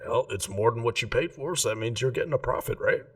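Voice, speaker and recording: A man voicing a loud, boisterous male gnome weaponsmith who haggles over a sword in a tabletop game. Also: fast, far from the mic, close to an everyday voice. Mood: haggling. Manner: booming, haggling, incredulous. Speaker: shopkeeper.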